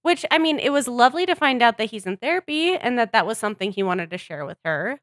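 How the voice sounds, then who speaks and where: A woman's voice: fairly high pitch, animated, quick pace, a bit bright, no echo, clean studio sound. A woman co-hosting a casual chat podcast, recapping events conversationally with fillers. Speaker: podcast co-host.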